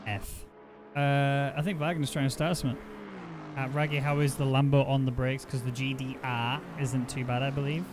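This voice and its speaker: A man commentating a sim racing event live, jumping up in excitement when the action heats up. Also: noisy background. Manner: excitable, quick to rise in pitch on action. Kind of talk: live esports race commentary.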